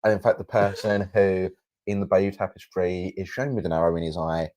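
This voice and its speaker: A man's voice: low-pitched, steady tone, a little fast, a little mellow, no room sound. A man co-hosting a comedy podcast, telling historical anecdotes in a matter-of-fact way. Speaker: podcast co-host. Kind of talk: casual comedic chat.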